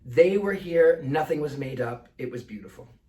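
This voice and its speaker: A man's voice: a little high, expressive, normal speed, warm tone, roomy sound, distant mic. A man with an old-fashioned Mid-Atlantic accent and theatrical, precise diction, answering viewer questions in a casual monologue. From United States.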